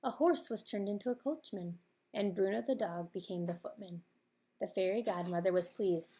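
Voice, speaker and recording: A woman narrating a children's storybook in a clear, expressive read-aloud manner. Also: mid-range voice, moderate pace, a little hiss or hum.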